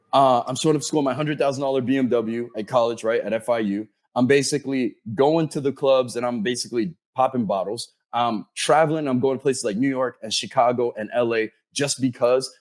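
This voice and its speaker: A man, a podcast guest, telling his career story with energy and acting out what other people said to him. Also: medium pitch. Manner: animated storyteller who acts out quoted dialogue.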